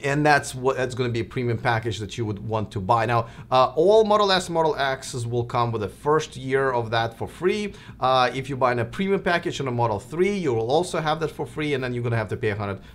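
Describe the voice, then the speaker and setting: A man's voice: medium pitch, lively intonation, brisk, few pauses, a little hiss or hum. A man with a Russian accent hosting a live stream, chatting casually with many fillers and restarts. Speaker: host of a live stream show.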